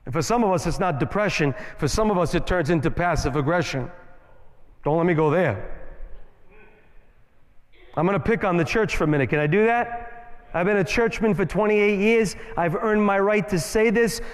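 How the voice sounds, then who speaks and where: Male guest preacher, very high voice, emphatic and playful, church hall echo. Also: normal speed, pauses often. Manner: emphatic, rhythmic rhyming phrases, playful asides. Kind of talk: sermon. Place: church sanctuary. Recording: long hall reverb in church.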